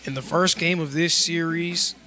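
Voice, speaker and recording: A man doing live play-by-play commentary for a college baseball game, with a measured, informative delivery. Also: a little high, steady tone, music in the background. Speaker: play-by-play announcer.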